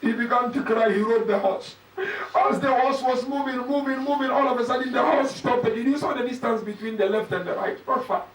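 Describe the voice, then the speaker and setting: A sheikh delivers a mournful Muharram sermon in a mosque hall, reciting with emotion and sometimes breaking into raised cries. His voice is very high-pitched and a little fast. He's captured from far off in an echoey hall with faint noise.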